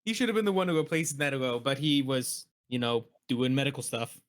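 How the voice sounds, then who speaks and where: A man's voice: mid-range voice, fairly quick. A man, a tabletop game player, chatting casually before an online session, often restarting and hunting for words, over a computer mic. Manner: hesitant, restarts and searches for words. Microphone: computer mic on a voice call.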